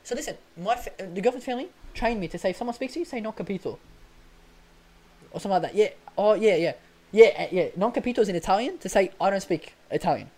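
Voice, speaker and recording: Fast-talking Australian young man telling stories. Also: high voice, rough recording. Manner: animated, laughs mid-story, slangy. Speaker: podcast guest. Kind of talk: casual storytelling chat.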